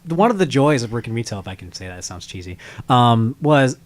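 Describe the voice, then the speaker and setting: A man hosting a casual talk show, rambling a little and trailing off softly at the ends of his sentences. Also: medium pitch, big pitch swings, quick pace. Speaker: host. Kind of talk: casual chat.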